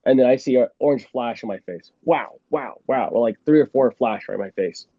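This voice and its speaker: A man's voice: mid-range voice, brisk, no echo, lo-fi sound. A man who used to be a police officer tells a story in a casual way, acting out the scene and laughing often. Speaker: former police officer guest.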